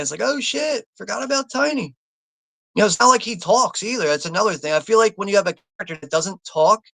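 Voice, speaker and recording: Gravelly, bright-voiced swearing American man. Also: fairly high pitch, no echo. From United States. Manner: profane, laughing, rambling. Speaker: watch party host. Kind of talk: live movie commentary reading chat.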